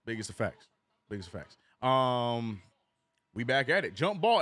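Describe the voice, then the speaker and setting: A man streaming a live basketball watch-along, calling plays and reading chat with animated, joking frustration. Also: high-pitched, fairly quick, no room sound. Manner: animated, joking, reads chat messages aloud; frustrated fan venting and cursing.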